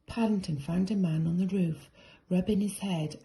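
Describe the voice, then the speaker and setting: A woman reading a children's storybook aloud with a soft, mellow tone. Her reading is brisk and expressive. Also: on the low side, rough recording. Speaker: reader.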